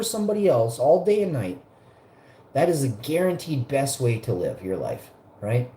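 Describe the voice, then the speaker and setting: A man's voice: mid-range voice, big pitch swings, normal speed, dark tone. A man hosting a live show, ranting in a profane, combative and mocking way. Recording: roomy echo.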